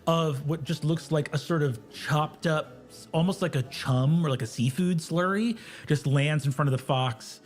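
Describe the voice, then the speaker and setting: A man's voice: fairly high pitch, unhurried, soft background music. A man narrating a tabletop game as game master, with vivid, comic descriptions.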